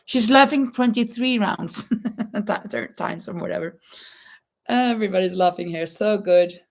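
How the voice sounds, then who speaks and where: A woman's voice: mid-range voice, normal speed, darkish tone. A woman with a Norwegian accent chatting casually on a live stream, laughing often and reading out viewer comments. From Norway. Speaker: crochet channel host.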